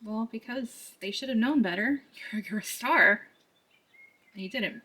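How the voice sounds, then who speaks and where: A woman gives a casual tarot reading to camera, chatty and laughing often as she goes through the cards, quoting others in put-on voices. Her voice is a little high, bright and forceful with a breathy edge, at a measured pace.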